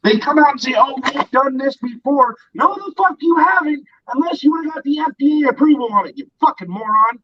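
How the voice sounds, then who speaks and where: A man's voice: very high-pitched, fast, few pauses. A man ranting angrily and profanely as co-host of an online talk show, speaking from his bedroom. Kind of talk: angry political rant. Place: bedroom at home. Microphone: distant from mic. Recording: dull lo-fi audio.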